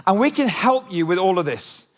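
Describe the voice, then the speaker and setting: In a church auditorium, a high-voiced pastor delivers a sermon at normal speed. His preaching is animated and conversational, full of rhetorical questions.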